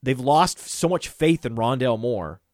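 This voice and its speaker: Excitable man rattling off lists. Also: medium pitch, normal speed, no room sound, clean studio sound. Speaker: podcast co-host. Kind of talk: casual podcast discussion.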